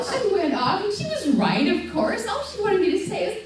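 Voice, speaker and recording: A middle-aged woman giving a lively talk to a parents' group, acting out stories with big jumps in her voice and frequent laughs. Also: moderate pace, hardly any pauses, crowd noise. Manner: animated storyteller, acts out voices of her daughter with big pitch jumps and laughs. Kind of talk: live talk to an audience. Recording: echoey hall from far off, faint hum.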